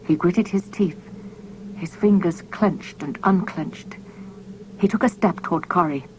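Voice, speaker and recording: Female audiobook narrator, measured and dramatic, slightly low pitch. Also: slight background noise, poor audio. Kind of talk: scripted narration.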